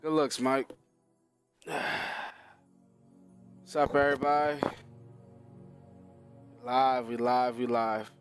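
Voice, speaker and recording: A man's voice: mid-range voice, fairly even intonation, slow pace, long pauses, soft background music. A male guest trader on a live stream, hyped up and greeting viewers by name.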